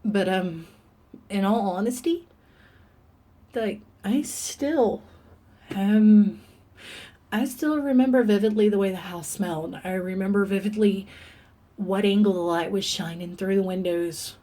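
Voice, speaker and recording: A woman speaking in a personal confessional vlog, earnest and halting, talking openly about painful memories in a dark room. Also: mid-range voice. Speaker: vlogger.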